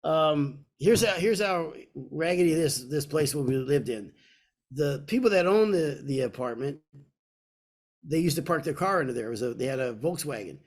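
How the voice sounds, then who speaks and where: A man in his sixties from Kentucky, co-hosting a podcast and telling a personal story in a casual, animated way. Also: a little high, normal speed. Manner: animated storyteller, acts out voices in quotes. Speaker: podcast co-host.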